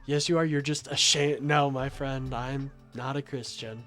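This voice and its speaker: A man's voice: medium pitch, steady tone, a little slow, fairly bright tone, soft background music. A young adult man hosting a livestream, reading chat and arguing back in a sarcastic, combative way, often calling people "my friend.". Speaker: livestream host taking calls and reading chat. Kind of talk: casual political livestream talk.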